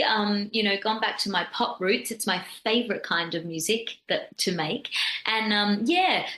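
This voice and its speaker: A woman's voice: medium pitch, fairly bright tone, reverberant. A woman, chatting openly as a guest on a radio interview and laughing easily. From Western Australia. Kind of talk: casual radio interview chat.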